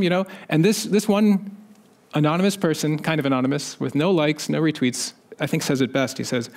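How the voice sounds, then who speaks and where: A man giving a conference talk, his voice sitting a little high for a man. He keeps it conversational and drops in wry asides, and he raises his voice whenever he quotes someone else. He sounds like he is speaking into a stage microphone. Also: steady tone, a little fast, darkish tone. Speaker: conference panelist.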